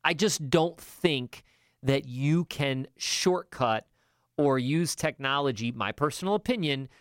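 A man from upstate New York hosting a podcast, talking in an upbeat, enthusiastic way with quick asides. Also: mid-range voice, animated, clean tone. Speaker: podcast host. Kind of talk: casual podcast chat.

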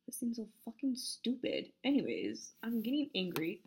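Brief: woman narrator, vocal fry, casual, keeps fumbling words and restarting, raw home-mic read. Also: on the high side, huge pitch swings, normal speed, darkish tone, slight background noise. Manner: stumbles over words, restarts and apologizes; casual and swearing, laughs at herself. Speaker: story narrator. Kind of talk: unedited story reading with outtakes. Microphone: home mic with headphones bumping it.

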